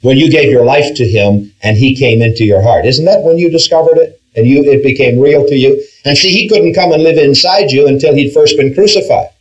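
A man's voice: medium pitch, a little fast, hardly any pauses, rough recording. A man teaching an interactive Bible class, asking his group questions and stressing key words, with frequent restarts. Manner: questioning, emphatic, with frequent restarts and "all right".

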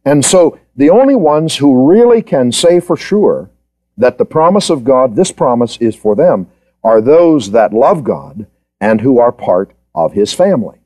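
A man's voice: medium pitch, big pitch swings, measured pace, warm tone. A man giving a Bible study lecture, quizzing his students and repeating key points for emphasis. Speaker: Bible teacher.

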